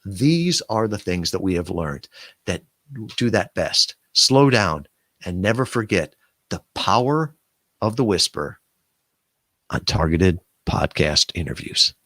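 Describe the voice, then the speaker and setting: A man's voice: low voice, animated, slow pace, sharp tone, no room sound, studio quality. A middle-aged man, the host, giving casual, emphatic coaching tips in a conversational talk to camera. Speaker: podcast marketing host.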